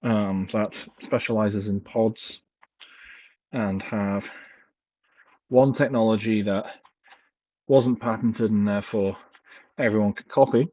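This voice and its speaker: A young man chats casually from home, rambling and self-deprecating, with plenty of fillers along the way. His voice sits low and a little husky. It comes through a dull, lo-fi headset mic that clips now and then. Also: darkish tone, no room sound. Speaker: vlogger. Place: home, indoors. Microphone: headset microphone.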